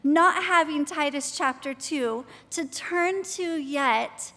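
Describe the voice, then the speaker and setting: Her voice sits high and sounds pushed and bright as she speaks at a slow pace. This thirtysomething women's ministry speaker gives a chatty sermon to a live church-hall audience, questioning them and then praying and reading scripture.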